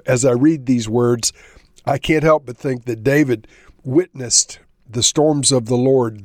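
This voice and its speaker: A man reading a psalm aloud and explaining it in a devotional teaching, unhurried, stressing the verses he reads. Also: mid-range voice, a little mellow, no room sound, clean studio sound. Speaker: Bible teacher.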